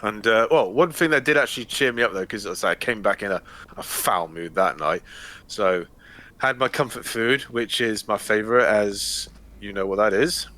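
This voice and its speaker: Chatty man, bright voice. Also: fairly low pitch, normal speed. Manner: chatty, joking, rambling. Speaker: gaming channel host. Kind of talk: casual chat while playing.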